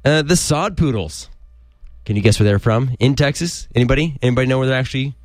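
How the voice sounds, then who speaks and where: A man's voice: medium pitch, fast talker, no echo. A chatty young man co-hosting a casual podcast, rambling and correcting himself as he goes. The recording is dry and close, with no room sound. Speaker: podcast co-host. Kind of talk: casual chat.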